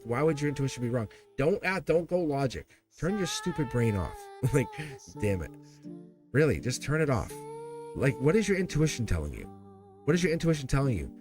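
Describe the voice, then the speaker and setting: Chatty tarot reader, lively man. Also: medium pitch. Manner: chatty, teasing, laughs often. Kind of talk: live-stream tarot reading. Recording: music playing behind the voice. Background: background music.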